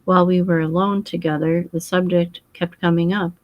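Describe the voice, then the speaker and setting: A woman's voice: fairly low pitch, flat delivery, normal speed, dry recording, highs cut off, close to an everyday voice. A woman voicing an earnest, boyish young English husband who talks frankly and eagerly.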